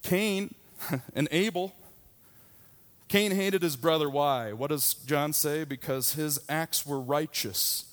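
A man's voice: a little high, takes it slowly, fairly bright tone. A man in his thirties, a pastor, preaching a sermon in a candid, conversational storytelling way. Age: 30s.

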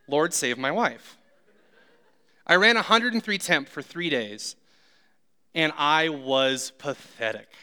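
A man's voice: a little high, pushed and bright, clean tone. A man preaching a sermon who tells humorous, self-deprecating stories. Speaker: pastor.

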